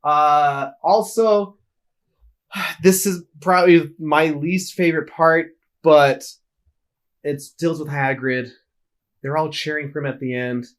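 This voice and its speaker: Chatty man with a higher voice. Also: fairly even intonation, slow pace, pauses often. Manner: chatty, laughs often, nitpicking. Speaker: podcast co-host. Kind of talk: casual film discussion.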